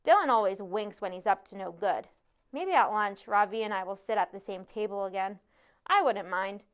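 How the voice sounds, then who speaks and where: A woman reading a novel aloud in a measured first-person narration. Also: mid-range voice. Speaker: audiobook narrator. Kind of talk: scripted narration.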